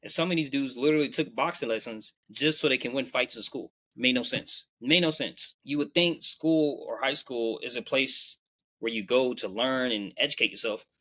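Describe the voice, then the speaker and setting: A man's voice: mid-range voice, normal speed, fairly bright tone. A young man hosting a podcast, telling personal stories in a rambling, slangy way and often repeating his phrases. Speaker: podcast host. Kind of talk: casual storytelling monologue.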